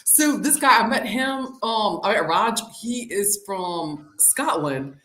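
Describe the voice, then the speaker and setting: A woman's voice: mid-range voice, slow pace. A woman co-hosting a casual chat show, telling stories with lots of giggles. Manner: giggly, animated storytelling. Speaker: podcast co-host. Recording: roomy echo.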